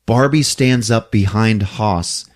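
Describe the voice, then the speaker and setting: A man hosting a podcast, casually recapping a movie plot in an animated storytelling way, laughing often. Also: fairly low pitch, takes it slowly. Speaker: podcast host.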